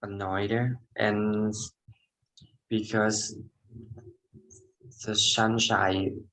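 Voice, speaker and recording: A man's voice: on the low side, flat delivery, drawn-out words, a bit bright, poor audio. A man with a Vietnamese accent, a non-native English learner, answering a practice question in hesitant, broken phrases. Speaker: English student.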